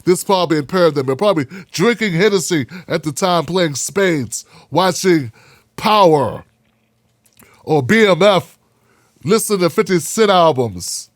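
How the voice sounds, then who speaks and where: Brief: man playing smug pundit, sneering excuses, fairly high voice, dry sound. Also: animated, measured pace, dry recording. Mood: mocking. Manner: sneering, mocking list of excuses. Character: smug male pundit blaming a film crew.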